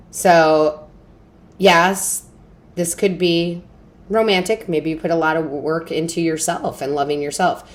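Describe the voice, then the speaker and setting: Brief: low-voiced woman, chatty and reassuring tarot reader, keeps asking "right?". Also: fairly even intonation, measured pace. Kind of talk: casual tarot reading to camera.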